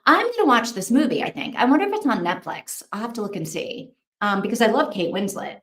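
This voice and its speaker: A woman's voice: a little high, sing-song, quick pace, fairly bright tone, roomy sound. A woman hosting a casual livestream, chatting, thinking aloud and reacting to viewer comments. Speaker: livestream host.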